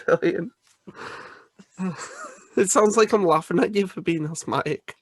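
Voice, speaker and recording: A man's voice: sits high, slow, fairly bright tone, breathy edge, no room sound, studio quality. A young man co-hosting a podcast in casual chat, who stammers and laughs often. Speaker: podcast co-host.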